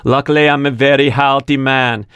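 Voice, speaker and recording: A man's voice: mid-range voice, steady tone, moderate pace, a bit bright, clean tone, no room sound, lightly acted. Man imitating Austrian bodybuilder, put-on Austrian-style accent, earnest, motivational, dry sound. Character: impression of a famous Austrian bodybuilder-actor, a man, upbeat.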